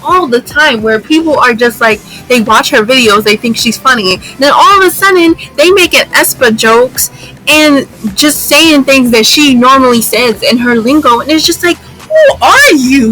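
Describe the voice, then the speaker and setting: A woman's voice: high-pitched, sharp tone, low-quality recording. A young woman vlogger ranting in exasperation, repeating her lines for emphasis. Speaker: YouTuber. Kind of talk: vlog commentary rant.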